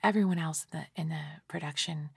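A tired middle-aged woman in a soft, rambling, gently self-mocking whispered ASMR ramble, close to the microphone. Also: sits low, fairly quick, vocal fry, husky, no room sound. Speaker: ASMR creator.

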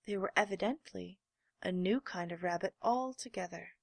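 A woman reading a children's storybook aloud, with gentle, measured storytelling. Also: on the low side, vocal fry, no echo. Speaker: narrator.

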